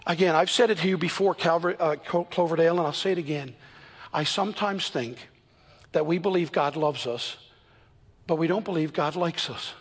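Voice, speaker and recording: Husky-voiced man preaching a sermon. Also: a little high. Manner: earnest storytelling preacher, shifts between quick and slow emphatic delivery. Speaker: pastor. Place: church.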